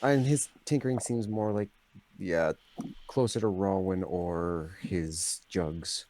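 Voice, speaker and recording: A man's voice: low-pitched, takes it slowly, a little mellow. A man playing a tabletop game, musing thoughtfully in and out of character. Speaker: player. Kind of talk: tabletop role-play.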